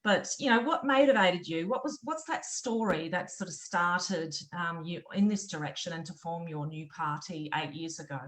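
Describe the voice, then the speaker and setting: A woman's voice: lowish voice, normal speed, few pauses, poor audio. A woman, hosting a casual interview show in a chatty, rambling way full of fillers. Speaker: show host.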